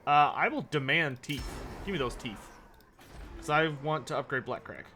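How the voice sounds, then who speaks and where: Man, game streamer, casual commentary, higher voice, thinks aloud, answers viewers. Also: animated, moderate pace, background noise. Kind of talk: casual gameplay livestream commentary.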